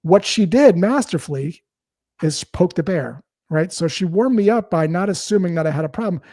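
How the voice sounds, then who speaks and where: This interviewee talks about sales concepts in a relaxed, storytelling way, acting out conversations as he goes. His voice is fairly high, a little fast, and recorded dry with hardly any echo.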